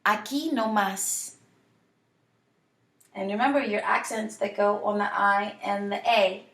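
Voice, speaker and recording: A woman teaching a Spanish lesson from home, drawing out model phrases slowly so students can repeat them. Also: mid-range voice, flat delivery, a bit bright. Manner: slow, drawn-out model phrases for repetition. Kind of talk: online language lesson. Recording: echoey room.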